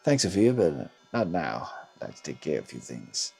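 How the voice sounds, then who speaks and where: Brief: man doing a quiet gruff loner, deep and husky. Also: big pitch swings, normal speed, soft background music, heavily acted. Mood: terse.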